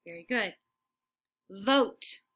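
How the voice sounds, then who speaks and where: Slow, bright-voiced woman teaching phonics. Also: medium pitch, expressive. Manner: slow, encouraging, repeats words for pupils. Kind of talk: phonics lesson for young children.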